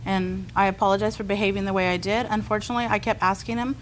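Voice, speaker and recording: Woman plaintiff, quick talker, keeps saying sorry. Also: mid-range voice, little pitch movement, a little hiss or hum, poor audio. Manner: rushed, apologetic, explaining at length. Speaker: plaintiff, business owner. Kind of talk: courtroom testimony. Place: TV courtroom set.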